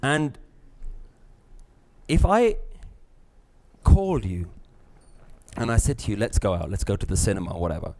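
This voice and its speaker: A middle-aged man, teaching a live class, lively, acting out little scenes and laughing often. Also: lowish voice, moderate pace, pauses often. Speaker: spiritual teacher.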